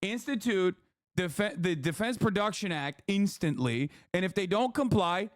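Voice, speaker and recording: A heated, profane male streamer reacts to a clip during a casual political commentary stream, mocking opponents and mimicking them in a shouting voice. His high voice is animated and at normal speed, recorded cleanly in a studio with no room sound.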